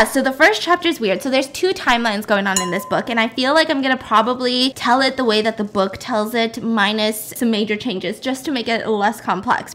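Woman host, casual and profane, chatty book recap, slightly high pitch. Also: a bit bright. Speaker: podcast host. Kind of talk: casual chat recapping a book while baking.

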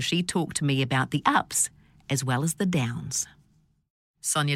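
Kiwi female host, deep voice, warm prompting questions, dry booth sound. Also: no echo. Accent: New Zealand. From New Zealand. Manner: friendly, encouraging questions. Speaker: radio show host. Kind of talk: interviewing on a parenting program.

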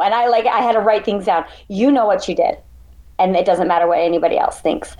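A woman ultrarunner, a guest in an interview, telling her race story in an animated, emotional way. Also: mid-range voice. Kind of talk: conversational interview.

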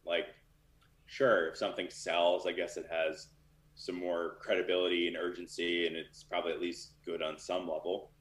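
A man's voice: sits low, level tone, normal speed, a bit bright, roomy sound. A man talking casually and candidly as a guest in an interview, with lots of fillers. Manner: loose and candid, many fillers. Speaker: literary manager.

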